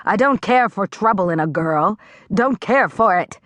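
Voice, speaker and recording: A woman voicing a gruff, surly old man in an audiobook, speaking in blunt grunts. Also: medium pitch, expressive, unhurried, a bit bright, dry recording.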